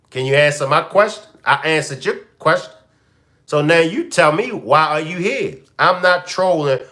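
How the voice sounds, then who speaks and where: An animated man hosts a live-stream commentary. His voice is bright and fairly high for a man, his pitch swings widely, and he talks slowly, pressing the same question again and again. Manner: animated, repeats questions to the chat. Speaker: commentary show host.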